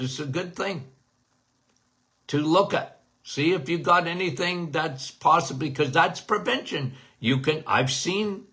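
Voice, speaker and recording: Middle-aged guy doc on his podcast, kinda high voice, slow, keeps saying stuff twice, calls everyone guys. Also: vocal fry, bright, forceful tone. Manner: repeats phrases for emphasis, addresses listeners as guys. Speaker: podcast host, doctor. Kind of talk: casual health Q&A talk.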